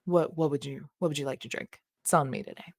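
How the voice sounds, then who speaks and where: A woman's voice: deep voice, steady tone, fast talker, vocal fry. A woman voicing a courteous male gambler with a put-on Southern US drawl. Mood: welcoming.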